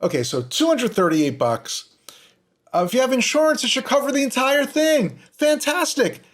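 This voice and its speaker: A man's voice: very high-pitched, sing-song, moderate pace. A man hosting a podcast, commenting on recorded calls with sarcastic, exasperated asides. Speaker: podcast host.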